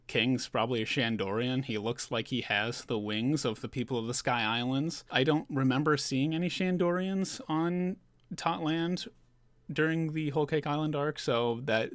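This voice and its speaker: A man talks through a manga chapter in a relaxed, rambling way, full of fillers and little chuckles. His voice sits at an ordinary middle pitch. The sound is dry and close, with no room echo. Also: clean tone. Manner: chatty and loose, with many fillers and chuckles. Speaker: manga reviewer. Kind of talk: casual chapter recap.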